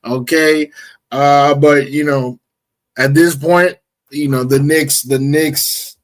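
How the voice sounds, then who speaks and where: A man co-hosting a casual sports show, laid-back and hyped, with lots of fillers. His voice sits a little high for a man. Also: fairly even intonation, slow pace. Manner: laid-back, hype-talking, filler-heavy. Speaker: sports talk show co-host. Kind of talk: casual sports radio chat.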